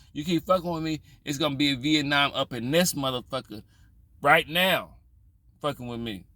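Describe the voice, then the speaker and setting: Bright-voiced man telling a rambling story. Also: medium pitch, fast talker, dry recording. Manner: loose, profane, rambling with restarts. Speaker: vlogger. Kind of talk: casual storytelling commentary.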